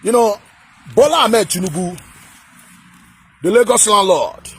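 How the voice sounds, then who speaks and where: Fiery, husky-voiced Nigerian man. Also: sits high, animated, measured pace. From Edo State, Nigeria. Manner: fiery, repetitive, at times shouting. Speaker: political vlogger. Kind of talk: impassioned political rant to camera.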